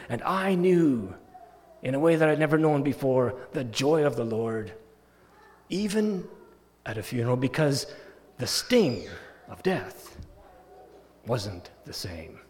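A man with a fairly high voice speaks a little slowly as he preaches, telling a story in an animated way that builds to forceful, loud climaxes. The recording has a long reverberant hall sound.

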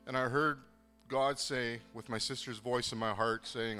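A man from southern Manitoba gives a personal faith testimony, earnest and halting, with many pauses and restarts. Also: mid-range voice, fairly even intonation, bright, forceful tone, big-room sound, soft background music. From southern Manitoba, Canada. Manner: earnest, moved. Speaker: program participant giving testimony.

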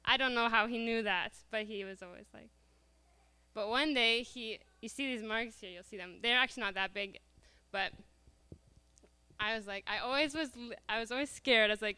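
Woman telling a story at church, bright clear voice, kinda high, laughs a lot. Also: normal speed. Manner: animated, laughs often while telling. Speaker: church speaker. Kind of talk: telling a personal story to a congregation.

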